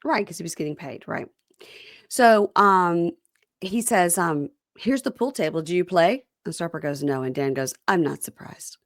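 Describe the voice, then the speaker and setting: A woman hosting a casual chat, retelling reality TV scenes with quick mock voices and lots of "so, um". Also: fairly low pitch, expressive, no echo, studio quality. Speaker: podcast host.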